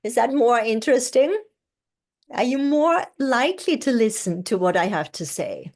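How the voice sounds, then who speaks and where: A woman voice coach teaching an online class, speaking slowly and encouragingly as she demonstrates breathing and tones over a video call. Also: fairly high pitch, lively intonation, a little mellow.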